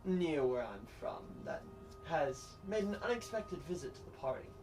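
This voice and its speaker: A man's voice: fairly high pitch, big pitch swings, moderate pace. A man voicing Sir Pudgemore, a pompous portly nobleman, in a stiff formal manner. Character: pompous portly male noble, flustered suitor. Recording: distant mic, faint noise.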